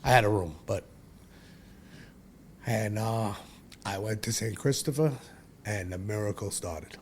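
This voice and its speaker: A man's voice: fairly low pitch, unhurried, a little hiss or hum. A man, telling his own story as a podcast guest in a blunt, profane, rambling way. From Brooklyn, New York. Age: 40s. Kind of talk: candid personal storytelling.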